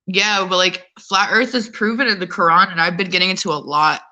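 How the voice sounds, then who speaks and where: A woman from New York City chatting casually as a caller, rambling and animated. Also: fairly low pitch, fairly quick. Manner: rambling, animated, acts out other people's voices. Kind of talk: casual chat.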